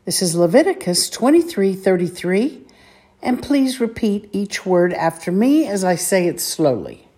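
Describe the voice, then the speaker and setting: A woman leading a slow scripture reading lesson, saying each word deliberately and repeating it for listeners to echo. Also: medium pitch, very animated, mellow, breathy edge.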